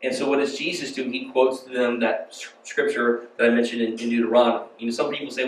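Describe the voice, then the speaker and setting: An American pastor delivers a casual, story-driven sermon in a church sanctuary, putting questions to his congregation. His mid-range voice moves fast with barely a pause. The hall is echoey and he sounds distant, off-mic.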